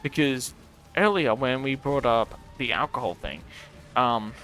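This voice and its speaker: A man's voice: medium pitch, expressive, measured pace, a bit bright. Rambling, profane young man. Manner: rambling and profane, many fillers. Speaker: streamer. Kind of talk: casual storytelling while gaming. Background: faint music.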